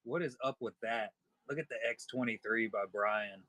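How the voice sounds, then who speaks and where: A man's voice: on the low side, moderate pace, bright, forceful tone, no room sound. Male stream host, playful banter, dry close sound. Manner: joking, chatty with viewers. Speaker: livestream seller host. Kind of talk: casual live-stream chat.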